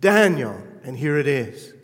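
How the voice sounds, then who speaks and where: A man preaching a sermon, fervent and emphatic at the peaks, then dropping to a quiet, intimate tone. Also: on the high side, animated, slow pace, big-room sound.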